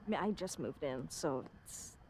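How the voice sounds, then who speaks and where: A woman's voice: deep voice, animated, moderate pace, a little mellow, slight background noise. An actress playing a young woman who has just moved in, heard as game audio.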